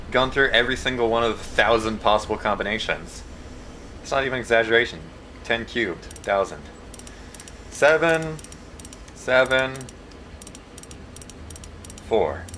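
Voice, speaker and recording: A man's voice: on the low side, animated, moderate pace, sharp tone, a little hiss or hum. A young man narrating his gameplay, joking and self-mocking with rambling asides. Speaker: let's play host. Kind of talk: gameplay commentary.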